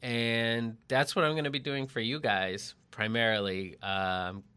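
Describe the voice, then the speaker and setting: A man's voice: medium pitch, steady tone, unhurried, pushed and bright, smooth. A middle-aged man from Massachusetts chatting casually on a podcast, rambling and joking, stopping to restart his sentences. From Lexington, Massachusetts. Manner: rambling, self-interrupting, joking. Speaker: mobile strategist and copy editor. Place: separate barn at home.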